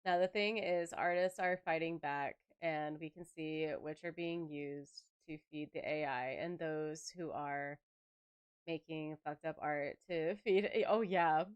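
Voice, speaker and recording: Low-sitting and resonant, this young adult woman's voice is clear and measured in pace. Chatting casually on a game stream, she tells stories with animation, laughing and performing the quotes in a relaxed live-stream chat.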